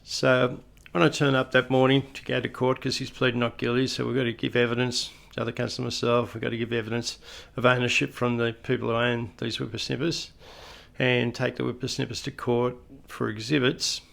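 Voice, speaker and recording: A man's voice: mid-range voice, flat delivery, fairly quick, gravelly, fairly bright tone. A middle-aged Australian man telling anecdotes in a casual, conversational way with folksy asides. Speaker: retired police officer storyteller.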